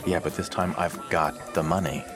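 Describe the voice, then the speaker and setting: A man's voice: deep voice, fairly even intonation, moderate pace, close to an everyday voice. A man voicing a cocky male space smuggler who talks in a dry, offhand way. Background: music.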